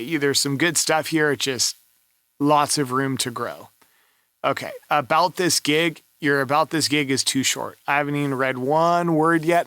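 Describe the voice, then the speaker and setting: A man's voice: mid-range voice, pushed and bright, dry recording. A man coaching as he reviews a voiceover seller's gig, speaking frankly and offhandedly in casual commentary.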